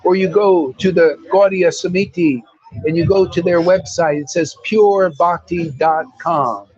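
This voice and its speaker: A man's voice: high-pitched, a little slow, a little mellow, slightly rough, lo-fi sound. A man giving an informal devotional talk as a spiritual teacher, blunt, preachy and full of slang.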